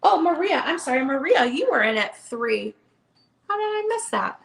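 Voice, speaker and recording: A woman's voice: sits high, big pitch swings, moderate pace, vocal fry. Chatty woman hosting a live book sale. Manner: chatty and upbeat, calling out bids. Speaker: online book sale host. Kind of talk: casual live auction chat. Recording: echoey room.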